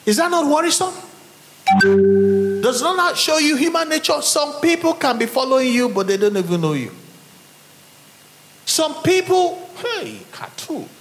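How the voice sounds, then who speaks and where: A middle-aged Nigerian man preaching a sermon as pastor, swinging between loud high exclamations and low remarks and firing rhetorical questions at his congregation. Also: big pitch swings, measured pace, long pauses, soft background music. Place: church hall. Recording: long hall reverb.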